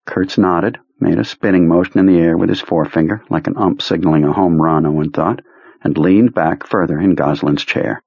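A man narrating a novel as an audiobook, in measured, even storytelling. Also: low-pitched, creaky, slightly rough, dry recording, highs cut off. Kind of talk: scripted narration.

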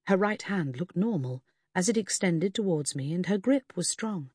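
A woman narrating a story in a measured way, voicing each character. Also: low-pitched, husky, no room sound, studio quality. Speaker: audiobook narrator. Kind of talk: scripted narration.

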